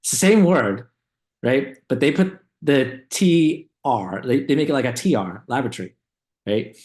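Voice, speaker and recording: A man's voice: medium pitch, lively intonation, unhurried, a little mellow. A laid-back man in a casual reaction chat who tells rambling stories and laughs often. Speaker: co-host.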